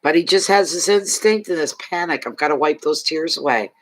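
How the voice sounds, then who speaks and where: A man's voice: on the high side, fairly quick, a bit bright. A man from Canada chatting casually on a livestream as a fortune reader, emotional, thanking viewers and talking to his dog.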